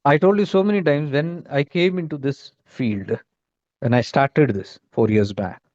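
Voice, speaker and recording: Indian male spiritual teacher, fairly high voice, emphatic, repeats himself, dull lo-fi recording. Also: a little slow, darkish tone. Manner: emphatic, repeats key points, mixes in Hindi words. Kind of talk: spiritual talk.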